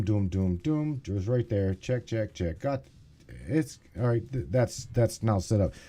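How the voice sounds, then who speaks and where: A man's voice: lowish voice, darkish tone. A man hosting a casual call-in stream, rambling, swearing, and getting exasperated with tech trouble. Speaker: podcast host.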